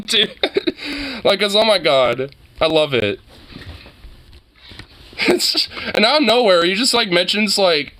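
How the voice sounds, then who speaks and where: A high-voiced man gushes through a reaction video, laughing and cursing between lines. His voice is bright and lively, and it bounces up and down as he talks. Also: a little slow. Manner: laughs constantly, swears, excited and gushing. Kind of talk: casual reaction commentary.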